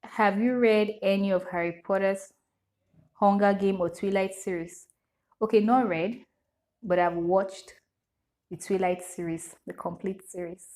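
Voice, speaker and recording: A woman's voice: medium pitch, steady tone, a little slow, darkish tone. A young woman with a Nigerian English accent, vlogging in a casual question-and-answer chat, reading each question aloud and answering it with frequent laughter.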